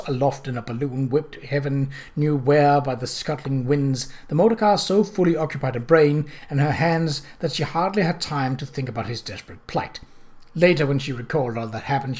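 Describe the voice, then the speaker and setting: A man narrating a mystery novel chapter as an audiobook reader, voicing the characters himself. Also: mid-range voice. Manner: steady storytelling, puts on voices for characters.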